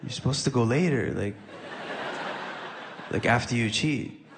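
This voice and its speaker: A man's voice: mid-range voice, unhurried, gravelly, long reverb tail, noisy background. Man telling stand-up stories. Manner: conversational storytelling, acting out dialogue. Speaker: stand-up comedian. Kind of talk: stand-up comedy set. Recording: live audience laughing.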